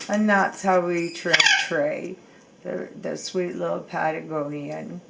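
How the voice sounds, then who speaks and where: A woman demonstrating how to trim a pet bird's wings at home, speaking haltingly with fillers and restarts. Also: lowish voice, steady tone, creaky. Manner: coos softly to her bird. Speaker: bird owner demonstrating grooming. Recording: loud background noise.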